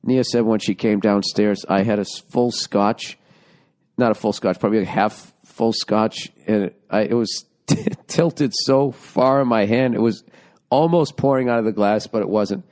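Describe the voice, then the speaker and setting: A man's voice: fairly low pitch, normal speed, a little mellow. A middle-aged man hosting his own podcast, rambling and sarcastic as he swears his way through a casual monologue, recorded at home. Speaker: podcast host.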